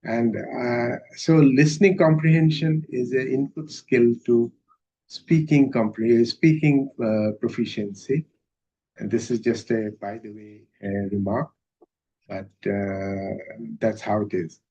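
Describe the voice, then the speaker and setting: Slow, hesitant lecturer. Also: male voice, medium pitch, fairly even intonation, dark tone. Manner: measured, hesitant, with many filler sounds. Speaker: university lecturer. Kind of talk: academic lecture. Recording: dull lo-fi recording.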